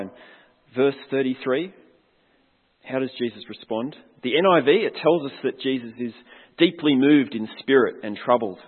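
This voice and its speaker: A man's voice: medium pitch, breathy edge. A man preaching a sermon as a pastor, earnest and reflective, putting questions to his congregation. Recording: long hall reverb, tinny phone-like sound.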